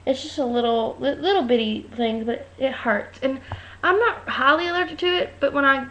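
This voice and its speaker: A woman chatting into her webcam, telling stories in a loud, animated way and acting out other people's voices. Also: sits high, moderate pace. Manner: chatty storytelling, acts out voices, talks loud. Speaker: vlogger. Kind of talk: casual webcam rant. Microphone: webcam mic. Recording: dull lo-fi webcam audio.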